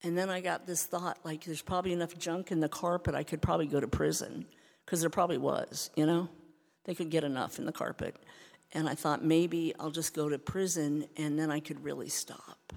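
An older woman telling her recovery story as a candid, self-mocking personal testimony, swinging from hushed to loud. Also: low-pitched, fairly even intonation, a little fast, vocal fry. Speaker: speaker sharing recovery story. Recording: hall reverb.

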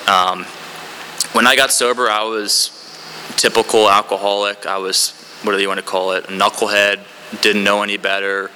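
A man's voice: on the low side, little pitch movement, moderate pace, pushed and bright, a little hiss or hum. A man speaking at a recovery meeting, sharing his story in a candid, rambling way with many fillers. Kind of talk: candid personal share.

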